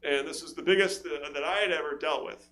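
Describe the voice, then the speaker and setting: A man's voice: fairly high pitch, quick pace, a bit bright. A man from California doing a rambling, self-deprecating stand-up set, stammering through restarts and laughing at his own jokes on a stage mic before a live audience. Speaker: stand-up comedian. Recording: noisy live show with hum.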